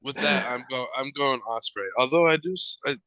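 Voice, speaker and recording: A man co-hosting a podcast in casual chat, blunt, jokey and quick to swear. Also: mid-range voice, pushed and bright, smooth, no echo, low-quality recording. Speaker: podcast co-host.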